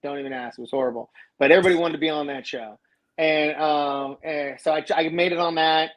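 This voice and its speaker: A man, a radio DJ guest on a podcast, telling stories in a casual, animated way and acting out what people said. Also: a little high, brisk, poor audio. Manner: animated, acts out quoted dialogue. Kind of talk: casual storytelling.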